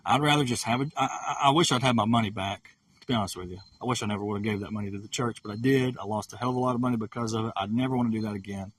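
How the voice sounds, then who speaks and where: A man's voice: fairly low pitch, fairly even intonation, very fast, a bit bright, husky, no echo, far from the mic, low-quality recording. A man ranting bluntly in an unscripted monologue, swearing often and repeating himself. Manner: blunt, profane and repetitive. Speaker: streamer.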